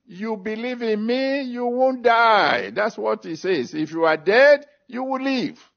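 A man's voice: lively intonation, vocal fry. A man preaching a sermon, reading scripture, then making an altar call and praying. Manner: emphatic preaching with big pitch swings, slow drawn-out phrases. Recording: dull lo-fi recording.

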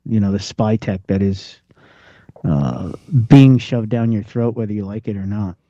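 A man with a low, very dark voice co-hosts a talk radio show. He speaks plainly and chimes in with quick agreement. The recording is dry and slightly dull. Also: no echo. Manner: brief agreeing interjections, plain-spoken. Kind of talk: casual talk radio chat.

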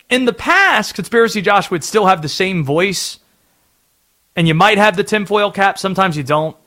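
A man's voice: a little high, fairly bright tone. A man from North Carolina hosting sports talk radio, chatty and opinionated.

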